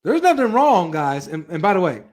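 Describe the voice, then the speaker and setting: A man hosting a live reaction stream, reading chat and talking straight to his viewers in an animated way. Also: sits high, normal speed. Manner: animated, talks straight to viewers with frequent asides.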